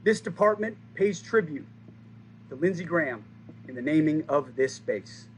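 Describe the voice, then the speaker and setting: A man in his forties giving a formal, rousing ceremony speech, stressing key lines with pauses for effect. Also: fairly high pitch, expressive, slight background noise, poor audio. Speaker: speaker at a base ceremony.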